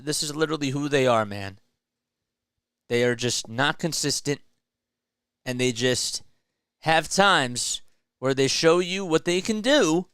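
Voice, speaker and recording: A man's voice: medium pitch, a bit bright, clear, resonant tone, dry recording, clean studio sound. A man hosting a solo sports show, ranting with frustration and emphasis about his team's losses and speaking directly to the manager. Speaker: sports commentary host. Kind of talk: solo fan rant about baseball.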